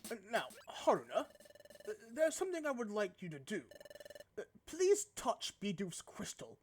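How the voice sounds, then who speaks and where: A woman voicing a grave, formal male ghost creature with a British accent, explaining slowly and solemnly. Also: mid-range voice, huge pitch swings, darkish tone, slight background noise. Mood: coaxing.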